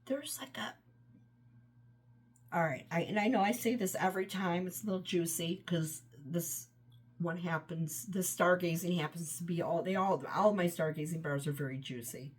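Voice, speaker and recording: A woman's voice: fairly low pitch, fairly even intonation, normal speed. A woman casually reviewing wax scents, rambling and enthusiastic, trailing off often, her voice tired and run down. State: voice tiring, run down. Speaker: home fragrance vlogger.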